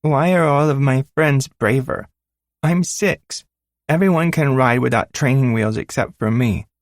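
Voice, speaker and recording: A man voicing a timid six-year-old girl in an audiobook, pitching up into a high, pleading, childlike voice. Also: unhurried, no room sound, studio quality, close to an everyday voice. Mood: scared pleading. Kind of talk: audiobook character voice.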